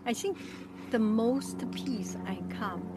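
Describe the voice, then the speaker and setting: A woman hosting a live stream, greeting viewers in an effusive, halting way with frequent fillers. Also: fairly high pitch, expressive, loud music behind the voice. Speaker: livestream host.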